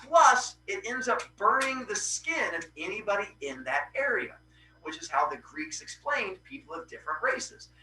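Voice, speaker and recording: A man hosting a podcast, casually retelling Greek myths with animated voices for the characters. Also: high voice, moderate pace, reverberant, distant mic, a little hiss or hum, poor audio. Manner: animated, acts out characters' cries. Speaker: podcast host.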